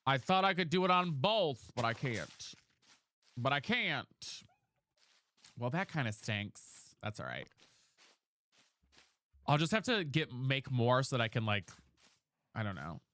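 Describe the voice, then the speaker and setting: A man's voice: mid-range voice, sing-song, unhurried, long pauses, pushed and bright. A man chatting casually on a live game stream, dramatic and chatty, thanking viewers by name. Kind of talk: casual live-stream chat while gaming.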